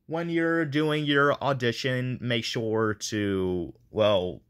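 A man's voice: fairly low pitch, a bit bright, clean tone. A man casually chatting to viewers as he runs a voice casting call, rambling and self-deprecating. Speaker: video creator running a voice casting call.

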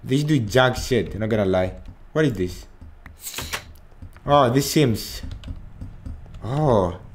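A man commentating a horror game, swearing freely and breaking into panicked shouts at the scares. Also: medium pitch, expressive, slow pace, a little hiss or hum. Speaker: gaming channel host.

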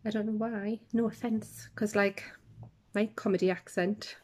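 A woman's voice: medium pitch, steady tone, measured pace, warm tone. Enthusiastic rambling middle-aged woman host. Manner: enthusiastic, rambling, with asides and laughs. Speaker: podcast host. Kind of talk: casual chat reviewing shows.

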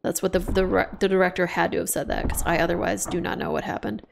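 A woman's voice: lowish voice, little pitch movement, fast talker, gravelly, background noise. Chatty woman streamer playing a game. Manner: chatty, joking, swaps swearing for "F word". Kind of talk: casual let's-play commentary.

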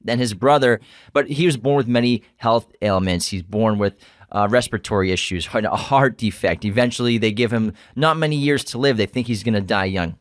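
A man co-hosting a film podcast, rambling excitedly and restarting his sentences. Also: lowish voice, a little fast, no echo, clean studio sound. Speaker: podcast co-host. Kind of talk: casual film discussion.

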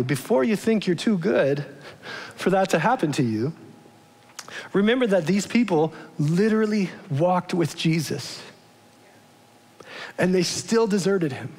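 A man's voice: sits high, animated, unhurried, pauses often, darkish tone, breathy edge. A male pastor giving a casual, conversational sermon, often asking his congregation questions. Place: large church. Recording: long church-hall reverb.

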